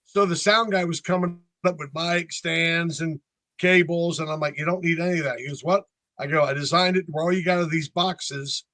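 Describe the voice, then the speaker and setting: A band member in his sixties from North Carolina tells stories during a casual interview, animatedly acting out the voices of the people in them. His voice is a little high, his pace moderate, and there's no room sound.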